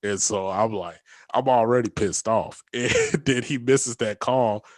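A man, a youth basketball coach, telling stories in casual chat, animated and laughing often as he acts out quotes. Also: mid-range voice, unhurried, no room sound.

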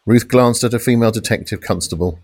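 A man reading a crime novel aloud in measured, dramatic narration, raising his voice for the police shouts. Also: mid-range voice, no room sound. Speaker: audiobook narrator. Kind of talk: scripted narration.

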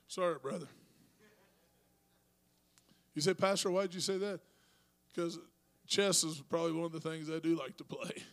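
A man preaching a sermon as pastor, talking to his congregation with asides and rising to shouted praise. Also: high-pitched.

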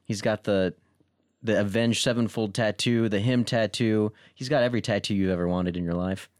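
A man's voice: fairly low pitch, fairly even intonation, moderate pace, a little mellow, dry recording, clean studio sound. A man hosting a casual podcast with friends, teasing his guests as he introduces them. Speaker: podcast host.

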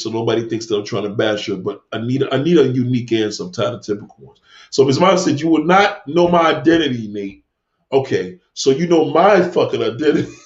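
A man's voice: high-pitched, a little mellow. A man hosting a livestream, talking back to the chat in a combative, preachy way, cursing and repeating himself. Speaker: livestream host answering chat. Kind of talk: live-stream rant. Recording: echoey room, dull lo-fi sound.

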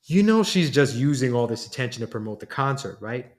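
A man's voice: medium pitch, very animated, a little fast, lightly acted. A man narrating a story, voicing a frustrated, sarcastic man whose privacy has been exposed. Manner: exasperated, sarcastic. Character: frustrated young male lawyer.

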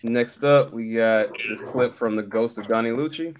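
A man co-hosting a podcast in casual chat, relaxed and laughing often. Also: medium pitch, moderate pace. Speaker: podcast co-host. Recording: clear background noise.

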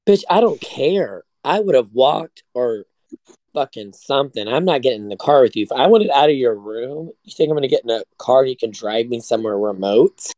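A man talks bluntly and teases the others, his voice at a middle pitch. The sound is dry and close, with no room around it. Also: animated, brisk, a little mellow, no echo. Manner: blunt, teasing. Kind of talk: casual crude chat.

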